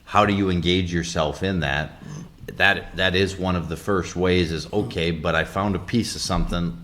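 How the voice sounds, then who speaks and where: A man's voice: low voice, steady tone, normal speed, a bit bright. A man co-hosting a casual podcast, agreeable and affirming as he talks. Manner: agreeable, backchannels often, describes himself as a visual thinker. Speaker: podcast co-host.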